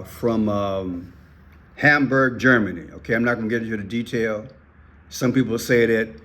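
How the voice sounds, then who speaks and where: A man giving casual commentary to his viewers, repeating himself often and calling out to the audience. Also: a bit bright. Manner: rises sharply in pitch when worked up. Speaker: online video commentator.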